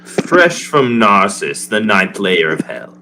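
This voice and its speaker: A man's voice: fairly low pitch, big pitch swings, unhurried, pushed and bright, soft background music. A man playing in a tabletop game, speaking in a formal, stately way. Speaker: player. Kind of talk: in-character roleplay.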